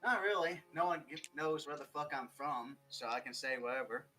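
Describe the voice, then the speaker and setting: Young guy rambling on stream, swears a lot, bright voice, some music faint behind. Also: fairly high pitch, a little fast, rough recording. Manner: rambling, swears freely, jokey. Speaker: guest writer. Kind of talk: casual chat.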